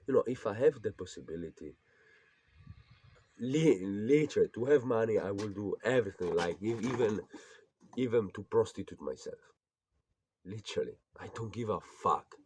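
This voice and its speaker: A man's voice: low voice, lively intonation, normal speed, a little mellow, breathy edge, no room sound. A young man ranting to the camera at home in an old rural house, agitated, swearing often and repeating himself. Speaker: vlogger. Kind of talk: frustrated personal rant to camera.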